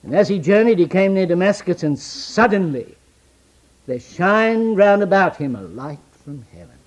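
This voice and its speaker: Man preaching with loud-to-hushed swings. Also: sits high, animated, moderate pace. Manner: dramatic swings from loud declamation to hushed near-whisper; quotes scripture in old-fashioned wording. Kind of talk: sermon.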